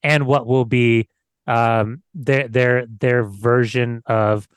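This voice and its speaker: A man's voice: medium pitch, steady tone, slow, clean tone, dry recording. A man co-hosting a podcast in casual chat, laid-back, often stumbling over his words. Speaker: podcast co-host.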